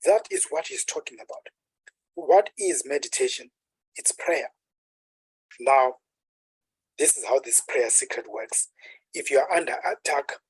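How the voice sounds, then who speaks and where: Husky, breathy-voiced man preaching. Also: medium pitch, no room sound, rough recording. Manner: unhurried teaching with rhetorical questions, dropping to a hush on calm words. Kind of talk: sermon.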